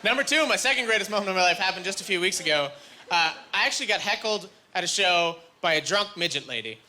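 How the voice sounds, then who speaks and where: A man's voice: high voice, animated, quick pace. A man doing a stand-up comedy set on a club stage, rambling through his stories and acting out the voices of the people in them. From Canada. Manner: rambling storyteller, acts out quoted voices. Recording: live club recording, loud crowd noise. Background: audience laughter.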